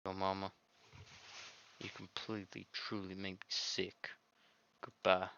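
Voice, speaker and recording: A man voicing a heartbroken, betrayed young woman who speaks in a quiet, hurt, accusing way. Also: sits low, monotone, measured pace, gravelly, highs cut off, voice pushed down, exaggerated voice. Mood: bitter.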